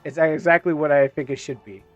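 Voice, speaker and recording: A man's voice: fairly high pitch, steady tone, fairly quick, muffled recording, faint music behind. A man streaming a game, chatting casually and rambling with many fillers and restarts.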